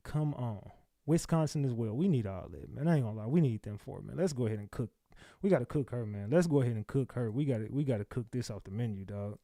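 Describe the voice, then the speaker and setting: A man hosting a casual livestream, talking loose slang with blunt profanity and getting loud when he talks back at clips. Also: medium pitch, lively intonation, quick pace, gravelly, dry recording, studio quality. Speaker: livestream host. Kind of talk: casual live commentary.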